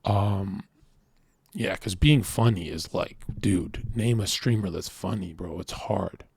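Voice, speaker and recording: A man's voice: sits low, slow, creaky, a little mellow, breathy edge, dry recording. A man streaming, reacting to chat and reading messages aloud, in a brash, profane, boastful way, rambling and acting out bits of dialogue.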